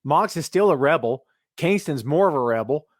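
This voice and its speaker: A man hosting a casual wrestling podcast, talking in an animated way and reading listener comments aloud. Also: a little high, moderate pace, dry recording, studio quality. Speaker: podcast host.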